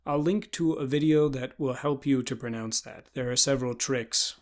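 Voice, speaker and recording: A man giving a pronunciation lesson, deliberately spelling out sounds one by one with example words. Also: mid-range voice. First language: English. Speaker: pronunciation instructor.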